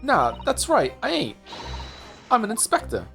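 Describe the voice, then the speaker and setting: A man's voice: very high-pitched, huge pitch swings, measured pace, vocal fry, pitched above the performer's own voice, exaggerated voice. A man reading a game aloud, voicing a brash young working-class woman inspector with a Cockney accent and blunt slang. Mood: indignant. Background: game music.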